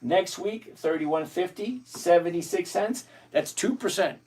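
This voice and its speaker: A man's voice: sits high, animated, measured pace, darkish tone, breathy edge. A middle-aged man hosting a live trading stream, bluntly thinking aloud and greeting viewers by name. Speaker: livestream host.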